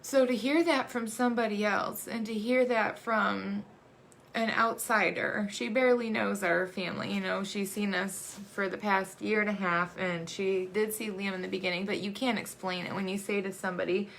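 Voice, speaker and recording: A woman in her thirties, an adoptive mother, tells her family's story in a halting, emotional way, with many fillers and restarts. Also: mid-range voice, fairly even intonation, creaky, a bit bright. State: emotional, choking up. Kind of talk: personal storytelling monologue.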